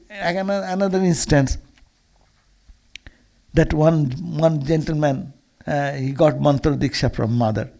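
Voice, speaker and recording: A man's voice: fairly high pitch, vocal fry, darkish tone. A man, a monk, giving a Sunday lecture as a storytelling sermon, earnest and often restarting or repeating words.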